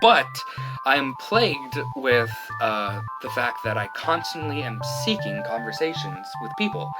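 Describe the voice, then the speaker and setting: A man's voice: medium pitch, very animated, a little slow. A man hosting a podcast, telling stories in a chatty way and laughing often. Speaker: podcast host. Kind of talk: casual chat. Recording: music playing in background. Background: music.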